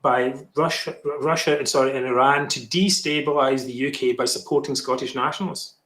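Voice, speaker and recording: A man's voice: medium pitch, fairly even intonation, a bit bright. Man hosting a podcast, exasperated, rambling, echoey call audio. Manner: exasperated, rambling, quick restarts. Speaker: podcast host. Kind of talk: casual podcast commentary.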